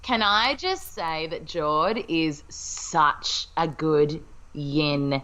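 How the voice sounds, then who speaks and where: A woman's voice: low-pitched, animated, very slow, pushed and bright, lo-fi sound. A young woman co-hosting a podcast in casual chat, bubbly and chatty, laughing often over a video call. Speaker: podcast co-host.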